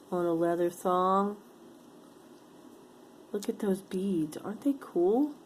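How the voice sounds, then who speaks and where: A woman's voice: medium pitch, a little mellow, a little hiss or hum. A woman chatting casually to her camera as she sorts through jewelry, musing aloud and easily delighted by each piece. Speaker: vlogger sorting jewelry for sale. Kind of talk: casual show-and-tell chat.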